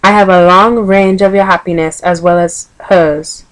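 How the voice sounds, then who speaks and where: A woman's voice: on the low side, steady tone, normal speed, close to an everyday voice, poor audio. A woman with a Vincentian accent voicing a fierce, stubborn old nanny while reading a book aloud.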